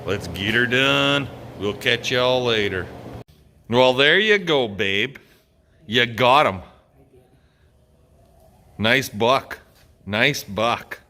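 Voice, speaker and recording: A man's voice: medium pitch, animated, pushed and bright. A man who hosts a farm channel, chatting casually and rambling with lots of filler words while outdoors on his farm. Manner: laid-back, rambling, drawn-out filler words. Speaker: farmer and channel host. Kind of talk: casual vlog chat. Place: outdoors on a farm, in and around farm machinery. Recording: noisy outdoor farm recording. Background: engine and outdoor noise.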